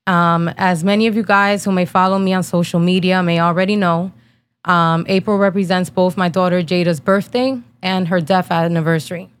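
A woman's voice: lowish voice, fairly even intonation, moderate pace, clean tone. A woman in her thirties, from New Jersey, hosting a podcast and telling a personal story in a blunt, casual, slangy way, swearing freely and holding back tears. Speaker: podcast host.

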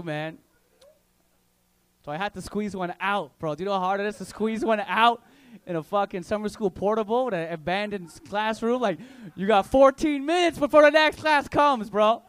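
A young man doing stand-up comedy, telling crude stories full of slang in an animated way on a club stage. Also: high voice, smooth.

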